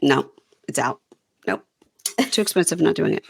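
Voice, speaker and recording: A woman's voice: very deep voice, normal speed, gravelly, breathy edge. A woman hosting a podcast, chatting casually and rambling through a recap with frequent laughs. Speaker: podcast host.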